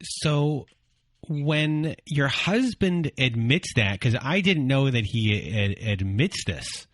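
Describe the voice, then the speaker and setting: Slow, halting male podcast host. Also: medium pitch, lively intonation, no echo. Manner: halting, restarts as he thinks aloud. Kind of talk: interview questions.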